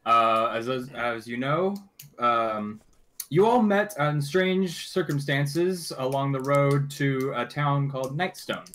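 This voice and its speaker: A man narrating a tabletop game as game master, halting with frequent fillers and restarts. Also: medium pitch, fairly even intonation, a bit bright. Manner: halting, many fillers and restarts while recapping.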